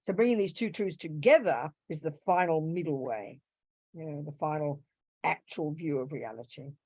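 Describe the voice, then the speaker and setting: A woman teaching Buddhist philosophy to a live class, animated, swinging from loud emphatic bursts to soft asides and acting out little quoted voices. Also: deep voice, normal speed, dry recording. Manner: acts out little quoted voices to make a point. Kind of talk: dharma talk to a live class.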